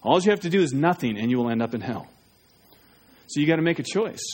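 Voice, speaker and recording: A man's voice: on the high side, expressive, quick pace, a little mellow, slightly rough. Urgent, pleading preacher man. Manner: urgent, pleading, asks listeners questions. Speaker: pastor. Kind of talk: evangelistic sermon.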